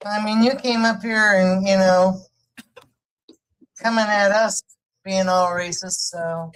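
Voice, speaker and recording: A woman's voice: medium pitch, steady tone, takes it slowly, clean tone, poor audio. A woman on a live debate panel who talks in a sarcastic, dismissive way.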